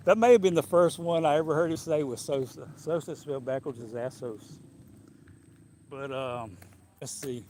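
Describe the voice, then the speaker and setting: Walking outdoors in the sun, a man chats casually with his live-stream audience in a mid-range, darkish voice at a moderate pace, with a little hiss or hum on the recording. He rambles, chuckles, and keeps things loose and jokey.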